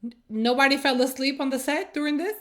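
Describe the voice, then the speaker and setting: A woman's voice: high-pitched, brisk, fairly bright tone. Woman, reaction video host; blunt and exasperated, sarcastic running commentary.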